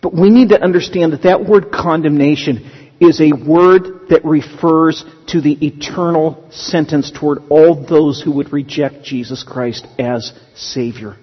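A man's voice: on the high side, unhurried, husky. A male pastor preaching a sermon in a conversational teaching manner, with humorous asides. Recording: dull lo-fi sound with long hall reverb.

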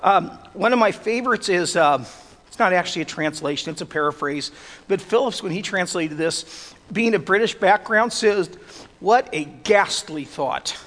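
A man preaching a sermon as pastor, earnest, building to loud emphatic peaks. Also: high-pitched, moderate pace. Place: church sanctuary. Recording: long reverb of a church hall.

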